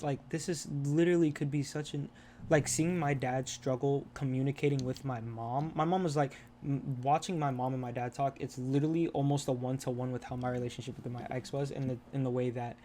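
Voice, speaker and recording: A man's voice: medium pitch, mellow, a little hiss or hum. Young man talking candidly and profanely. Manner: rambling, profane, restarts often. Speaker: podcast co-host. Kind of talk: casual candid chat.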